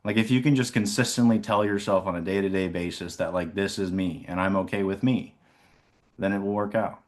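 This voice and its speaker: A man's voice: deep voice, steady tone, a little fast. A young man, an insurance sales agent, talking casually on a video call about his mindset, rambling with frequent fillers and laughs. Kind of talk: casual reflective talk.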